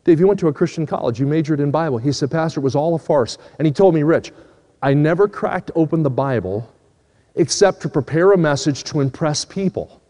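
A man preaching to a congregation, his somewhat high voice ringing with a long reverb through the hall. He tells his story with voices for each person and then pleads earnestly with his listeners. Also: fairly quick, mellow. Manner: earnest, pleading, acts out quoted dialogue. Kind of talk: sermon with storytelling.

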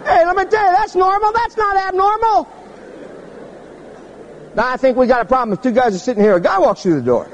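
A man preaching a humorous sermon, telling stories in an animated way and jumping to squeaky high tones for effect. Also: fairly quick, pauses often, big-room sound, highs cut off, noisy background.

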